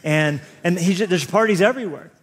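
A man's voice: high voice, brisk, breathy edge. Self-deprecating male preacher in a reverberant hall. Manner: animated, self-deprecating, humorous storyteller. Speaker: pastor. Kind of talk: sermon with personal storytelling. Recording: long reverb of a large hall.

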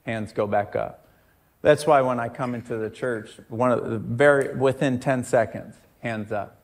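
A pastor with a mid-range voice preaches unhurriedly to a church congregation. He tells it like a story in plain language, repeating key phrases to drive them home.

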